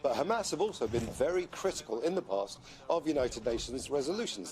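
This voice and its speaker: A man reporting live as a television news correspondent, explaining in a measured way. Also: mid-range voice, lively intonation, a little mellow, soft background music.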